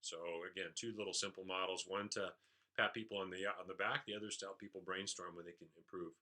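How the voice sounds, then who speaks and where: A man's voice: deep voice, little pitch movement, quick pace, sharp tone. A man leadership trainer giving an explanatory recap of a training session, with frequent "uh" fillers.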